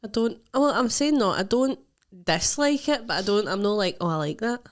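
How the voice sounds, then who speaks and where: A woman's voice: a little high, lively intonation, normal speed. A young Scottish woman co-hosting a comedy podcast, chatting bluntly and laughing often. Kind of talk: casual chat.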